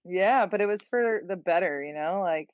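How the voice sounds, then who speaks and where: A woman from the US East Coast joins a podcast as a guest over a video call. Her voice sits on the low side, and she stays relaxed and laughs as she talks. Her audio is dull and dry. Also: normal speed, dry recording. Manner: relaxed, laughs while talking. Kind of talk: casual chat.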